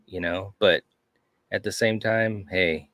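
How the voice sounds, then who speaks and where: Deep-voiced male co-host, enthusiastic rambling storyteller, dry close sound. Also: steady tone, takes it slowly, fairly bright tone, no room sound. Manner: enthusiastic storytelling, frequent "you know". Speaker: podcast co-host. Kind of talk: casual chat.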